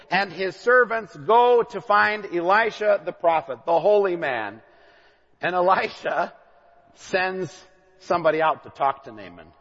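His voice sits high, a bit bright with a breathy edge, as this thirtysomething pastor delivers a sermon. Along the way he retells a story, dropping in asides and voicing each character's lines. Long hall reverb hangs over a dull-sounding recording.

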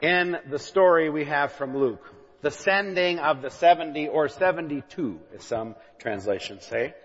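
A man's voice: a little high, moderate pace, fairly bright tone. A man in his thirties preaching a sermon, retelling a story with asides and acting out the characters' lines. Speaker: pastor. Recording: dull recording with long hall reverb.

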